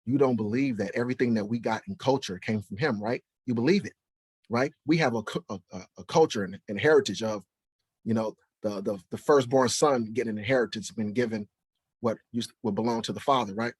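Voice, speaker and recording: A man preaches from scripture in a husky voice, hammering his listeners with rhetorical questions. The sound is dry and close. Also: lowish voice, brisk, no room sound. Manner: emphatic, fires rhetorical questions, keeps asking "right?". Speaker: Bible teacher. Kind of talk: preaching to camera.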